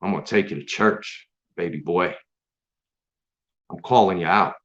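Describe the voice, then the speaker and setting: Man, fairly low voice, angry profane rant, threatening, stream host, muffled lo-fi audio. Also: normal speed, a bit bright. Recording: dull lo-fi sound.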